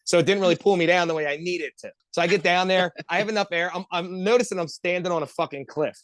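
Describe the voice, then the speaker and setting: A man's voice: sits high, quick pace, no echo. A man on a podcast telling a long, rambling story among friends, swearing constantly and talking with lots of energy. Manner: profane, animated, rambling storyteller. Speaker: podcast co-host.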